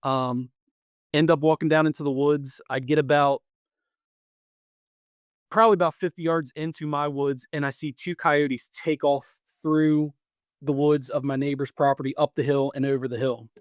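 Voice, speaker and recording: This podcast co-host, a thirties-aged man from Pennsylvania or Maryland, rambles casually through a lengthy hunting tale, restarting and repeating himself often. His slightly high voice holds a steady tone at a moderate pace, captured with clean, dry studio sound.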